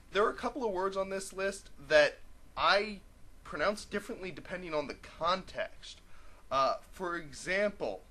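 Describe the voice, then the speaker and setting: A man's voice: high voice, sharp tone. A young man vlogging casually to camera, chatty and rambling with many fillers. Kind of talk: casual vlog talk to camera.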